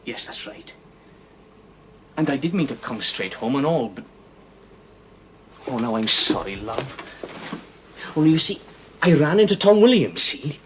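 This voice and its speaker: An actor with a Welsh accent playing a blunt, hot-tempered young miner in a 1970s television period drama. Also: male voice, mid-range voice, big pitch swings, measured pace, pauses often, fairly bright tone, slight background noise. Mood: warm.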